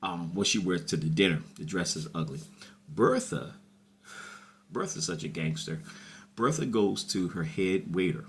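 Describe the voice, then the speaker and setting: A man casually recapping a TV episode, chatty and slangy, often repeating himself and playing the characters' lines. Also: deep voice. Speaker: show recap host.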